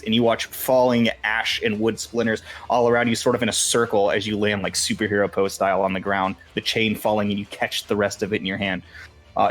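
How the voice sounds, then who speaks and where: A young man narrating as game master in a casual, swearing, filler-laden way. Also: lowish voice.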